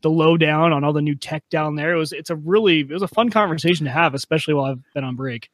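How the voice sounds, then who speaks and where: A man joins a podcast as co-host, chatting in an easygoing, self-deprecating way. His voice sits somewhat high for a man, and the recording is dry and close. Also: fast talker, fairly bright tone, no room sound. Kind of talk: casual chat.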